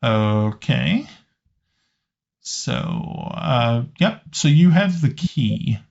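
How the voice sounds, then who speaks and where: A man's voice: medium pitch, very animated, drawn-out words, gravelly, a little mellow. A man narrating as game master of a tabletop game, hesitant and often restarting his sentences. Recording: slightly muffled lo-fi audio.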